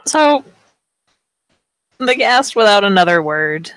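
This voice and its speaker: A woman narrating as game master of a tabletop game, slowly and deliberately describing the scene. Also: mid-range voice, very animated, a bit bright, dry recording, low-quality recording.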